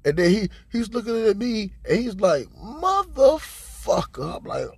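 A man hosting a podcast, telling a crude comic story in a profane, rambling, bragging way and getting louder and higher as it builds. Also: lively intonation, moderate pace, slightly rough. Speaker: podcast host.

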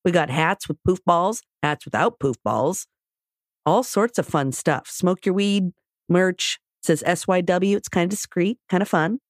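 A woman's voice: on the low side, unhurried, no echo, studio quality. A woman co-hosting a podcast, giving a playful, giggly outro. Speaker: podcast co-host. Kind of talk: casual outro with a put-on accent.

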